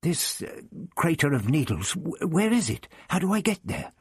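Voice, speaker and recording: An eager young man who keeps pressing with questions, played by a male reader. The voice is lifted a little above the narration, husky and dry. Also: fairly high pitch, big pitch swings, normal speed, dry recording, voice pushed up, full character voice.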